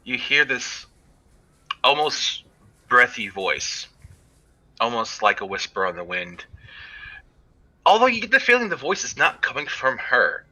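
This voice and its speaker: A man narrating a tabletop game as game master, describing scenes in slow detail with fillers. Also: mid-range voice, very animated, pushed and bright, poor audio.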